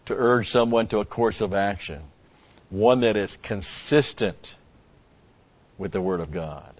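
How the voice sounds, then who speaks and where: A male pastor teaches an expository Bible sermon, speaking deliberately and pausing to explain the meanings of Greek words. His voice is lowish, and the recording's highs are cut off.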